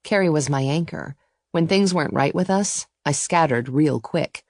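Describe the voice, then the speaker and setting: A woman narrating a first-person romance audiobook in a steady, intimate storytelling voice. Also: low-pitched, moderate pace, no echo, clean studio sound.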